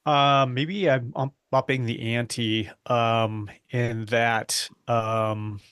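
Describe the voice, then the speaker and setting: A man playing a tabletop crime game, who pitches ideas tentatively with many fillers. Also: steady tone, very slow, a bit bright, clear, resonant tone, no room sound, studio quality. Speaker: player. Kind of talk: tabletop role-play chat.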